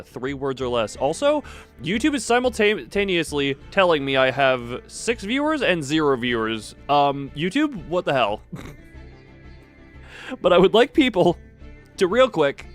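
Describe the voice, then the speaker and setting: A man's voice: medium pitch, fairly bright tone. A man streaming a card game live, chatting with viewers in a wry, theatrical way. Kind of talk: live gameplay stream chat.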